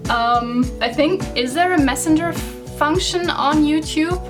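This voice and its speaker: High-voiced woman rambling casually. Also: a little slow, music in the background. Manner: rambling, hesitant, laughs often. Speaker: digital artist vlogger. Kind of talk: casual chat to camera.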